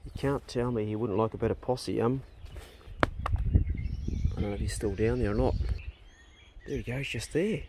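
This New Zealand farm vlogger has a mid-range voice and a measured pace, pausing often while giving casual, slangy commentary. He's filming wildlife handheld on his farm by native bush, sounding relaxed and laid-back. Faint birdsong and outdoor ambience add to the background noise.

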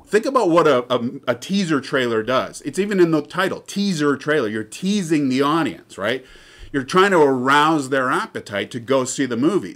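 A man's voice: mid-range voice, fairly bright tone. A man giving an informal lecture in a chatty, digressive way, often checking in with "right?".

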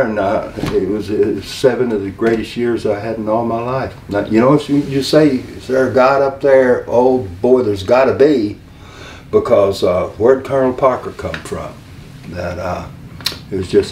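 An older man with a Southern American accent, telling stories from his career as an interview guest in a folksy, animated way, acting out other people's lines. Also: medium pitch. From Southern United States. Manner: folksy, animated storyteller who acts out quotes. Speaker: interview guest, former wrestling manager. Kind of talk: storytelling interview. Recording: echoey room, mic at a distance, faint hiss.

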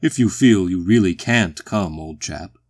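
A man voicing a jovial, booming, quietly sinister stranger with old-fashioned politeness in an audiobook story. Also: measured pace.

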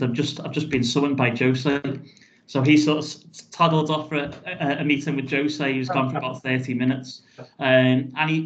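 A man, a football club chief executive, recounting events in a casual podcast interview, rambling and restarting his phrases with many "um"s and "you know"s. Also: mid-range voice. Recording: dull lo-fi audio.

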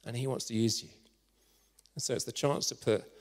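This guest preacher has a medium-pitched, steady voice and a brisk delivery. Preaching with passion in an echoing church hall, he presses listeners to get involved, then lowers to a whisper for the climax of his story.

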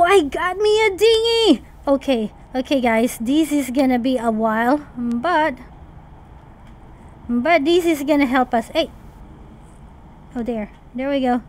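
A woman who hosts a mom gaming channel gives casual, excitable commentary as she plays. Her voice sits high, and she keeps playfully chattering to the on-screen characters.

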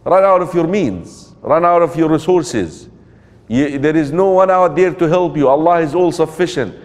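A man's voice: fairly high pitch, lively intonation, moderate pace. Man lecturing with hall reverb. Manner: asks the audience rhetorical questions; mixes in quoted Arabic phrases. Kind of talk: religious lecture, storytelling.

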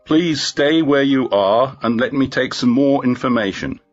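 A man voicing a calm emergency call operator asking steady, procedural questions. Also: mid-range voice, unhurried, voice pushed up, natural voice. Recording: dull lo-fi with faint music.

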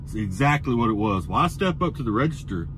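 A middle-aged man telling an angry, profane story about a truck stop that builds into heated yelling. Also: mid-range voice, very animated, quick pace, noisy background. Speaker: truck driver vlogger.

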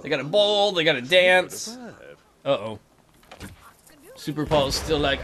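Excitable young man narrating gameplay. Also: fairly high pitch, unhurried, pauses often. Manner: excitable, animated, joking, voices the game characters' lines. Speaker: let's play gamer. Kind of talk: casual gameplay commentary.

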